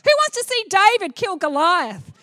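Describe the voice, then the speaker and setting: A middle-aged woman preaching a sermon, animated and playful, acting out little scenes as she goes. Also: extremely high pitch, moderate pace, no echo, studio quality.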